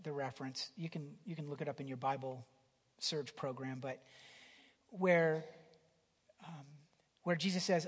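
A man preaching a sermon in a conversational way, restarting phrases and swinging from loud emphasis down to a near whisper, in a church hall. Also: on the high side, steady tone, a little slow, long pauses, breathy edge. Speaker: pastor. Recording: long hall reverb.

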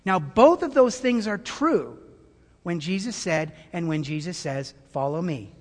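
A man preaching as pastor, with animated delivery that swings between hushed, tender passages and loud, shouted calls. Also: high-pitched, measured pace, big-room sound. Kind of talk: sermon.

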